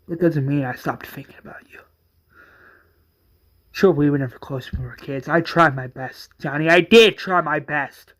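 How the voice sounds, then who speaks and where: A man's voice: a little high, a bit bright, lightly acted. A man voicing a grown sister who pleads with her brother and turns to heated accusation in a fan retelling. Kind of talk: fan retelling with voiced characters.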